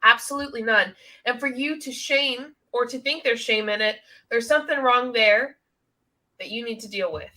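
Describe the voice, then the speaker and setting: A woman's voice: a little high, moderate pace, bright, forceful tone. A woman co-hosting a casual reaction commentary, blunt, outspoken and joking. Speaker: co-host.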